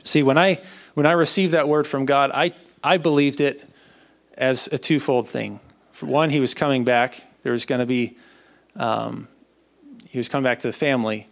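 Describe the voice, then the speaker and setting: A young man giving an earnest personal faith testimony, halting and often repeating his words. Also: medium pitch, fairly even intonation, gravelly. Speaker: speaker sharing a testimony.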